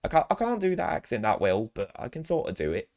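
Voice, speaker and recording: Deep-voiced chatty gaming streamer man. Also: huge pitch swings, quick pace, a little mellow. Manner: chatty, laughs often, swears. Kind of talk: casual gameplay commentary. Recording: game music underneath.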